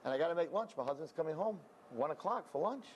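Harried young mother, flustered and sorry, as a male storyteller puts her on; pitched high. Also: lively intonation, fast, muffled recording, slight background noise, natural voice. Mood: frazzled. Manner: flustered, apologetic.

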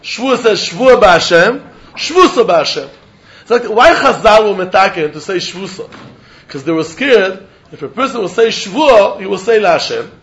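High-voiced man giving a Talmud lecture. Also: lively intonation, normal speed, a bit bright, dull audio. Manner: singsong study chant, mixing English with Hebrew, Aramaic and Yiddish terms. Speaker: Talmud teacher. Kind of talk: yeshiva-style Talmud lecture.

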